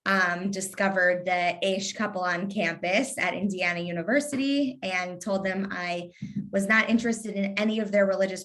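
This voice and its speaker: A woman's voice: medium pitch, fairly bright tone. A woman in her thirties from Kentucky with a light Southern accent, talking as an interview guest in a sarcastic, witty way. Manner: sarcastic, witty, laughs easily. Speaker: guest, lifestyle influencer. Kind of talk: casual interview conversation.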